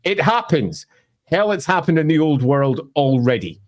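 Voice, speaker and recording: A man's voice: fairly high pitch, animated, moderate pace. A Scottish man explaining fantasy game lore in an emphatic, wry, opinionated way. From Scotland. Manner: emphatic, wry, bursts into mock voices. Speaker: lore presenter.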